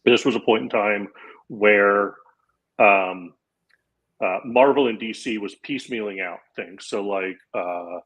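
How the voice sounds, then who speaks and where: A man's voice: on the low side, measured pace, fairly bright tone, rough recording. A man, a podcast guest, telling a rambling story in casual chat, full of fillers and restarts.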